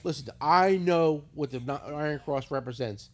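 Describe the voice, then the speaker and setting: A middle-aged man hosting a casual podcast, telling stories in a profane, animated way. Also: fairly high pitch, moderate pace. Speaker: podcast host. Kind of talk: casual chat.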